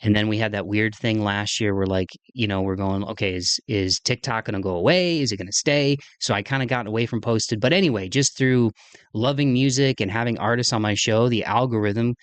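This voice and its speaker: A man's voice: on the low side, smooth, no echo. A man hosting his podcast from his kitchen, telling a story in a rambling, chatty way full of fillers. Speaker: podcast host. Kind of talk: casual solo monologue. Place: home kitchen.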